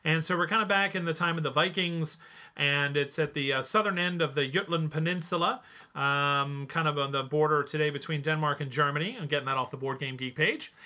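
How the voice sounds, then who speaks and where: A male podcast host talks through a review in a loose, rambling way, stopping often on fillers. His voice sits a bit high and sounds bright and forward. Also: steady tone, brisk. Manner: chatty, rambling, many fillers. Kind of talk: casual review chat.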